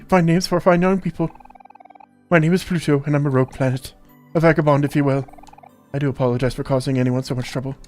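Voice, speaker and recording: A man's voice: on the high side, darkish tone, natural voice. A man hamming up a grandiose, pompous rogue planet. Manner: pompous, theatrical, formal speech. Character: grandiose male rogue planet, dramatic and proud.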